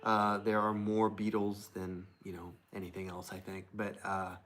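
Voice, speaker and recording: A young man with a fairly low voice chats casually on a livestream, rambling and thinking aloud as he reads viewer comments. He speaks into a laptop mic at his desk. A faint hiss sits under his voice. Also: completely flat delivery, normal speed, a bit bright. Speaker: livestream host. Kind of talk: casual live-stream chat. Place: indoors at a desk with plants.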